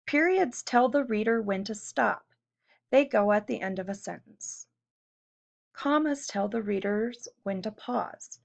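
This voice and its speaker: A woman teaching a recorded classroom lesson speaks in a fairly high voice with vocal fry. She explains things patiently one step at a time and puts questions to her students, captured on a dull, lo-fi recording.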